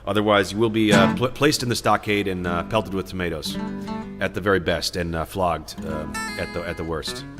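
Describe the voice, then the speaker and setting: A man's voice: deep voice, steady tone, a little fast, in a large hall. A man hosting a live music stream, chatting casually between songs, rambling and joking as he reads viewer comments aloud.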